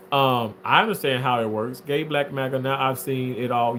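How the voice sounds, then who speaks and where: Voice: steady tone, normal speed, fairly bright tone, slight background noise. Theatrical livestreamer reading chat aloud. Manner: theatrical, swings into shrill mock wailing; drawling, filler-heavy talk. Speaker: livestreamer reading viewer comments. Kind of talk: casual live-stream chat.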